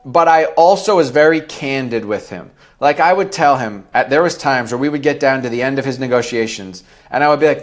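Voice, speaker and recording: A man in his thirties, a podcast guest telling candid stories in a blunt, profane way. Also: medium pitch. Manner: blunt and profane, acts out quoted dialogue. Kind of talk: candid storytelling interview.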